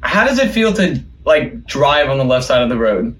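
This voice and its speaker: A man's voice: mid-range voice, very animated, moderate pace, fairly bright tone, a little hiss or hum. A young man chatting casually, laid-back and slangy, with lots of filler words. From United States. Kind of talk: casual chat. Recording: voice a bit far from the mic.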